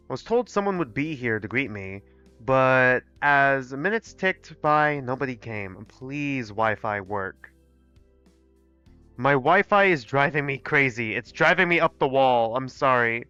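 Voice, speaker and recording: A man streams a game, reading its story lines aloud and tossing in chatty comments. His voice is bright and his pitch moves a lot. The audio is dry and slightly dull. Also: no room sound. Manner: reads game text aloud, chatty asides. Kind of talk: live gameplay reading and commentary.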